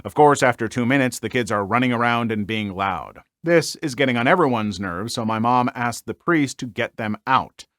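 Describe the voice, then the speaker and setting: A man hosting a story channel, reading online stories aloud and commenting on them in an animated, exclaiming way with frequent filler words. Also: medium pitch, normal speed, hardly any pauses, dry recording, studio quality.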